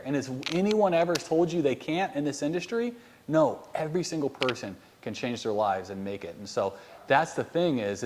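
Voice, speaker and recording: American man, mid-pitched, as a profane, high-energy sales coach rallying trainees indoors. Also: a little hiss or hum. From United States. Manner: blunt, profane and animated storytelling. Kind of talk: motivational sales training talk. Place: inside a house, addressing a group of trainees.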